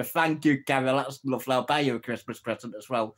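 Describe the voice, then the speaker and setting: A man's voice: mid-range voice, brisk. A man hosting a casual live stream, telling old jokes, reading out viewer comments and laughing at his own punchlines. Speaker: livestream host.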